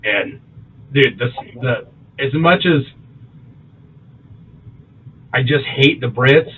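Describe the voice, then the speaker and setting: A man co-hosting a podcast in loose, profane casual chat, animated and quick to laugh. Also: medium pitch, slightly rough, phone-quality sound. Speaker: podcast co-host.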